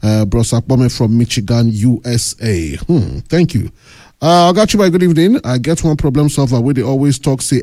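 A man with a Nigerian accent hosts a radio call-in show from a studio, chatting with callers and reading out listener messages. He's chatty and laughs, drawing out fillers as he reads. His mid-range voice has a dark tone, and the sound is clean with no echo.

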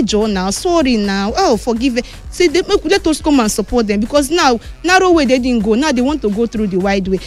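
High-voiced Nigerian woman reading sports news. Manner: lively, chatty, switches between Pidgin and English. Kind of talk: casual sports news roundup.

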